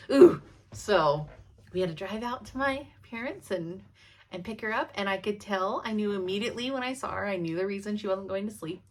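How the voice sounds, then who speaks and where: In a mid-range voice at a moderate pace, a woman in her thirties who vlogs about cross-stitch talks informally to her audience. She laughs frequently while telling her stories.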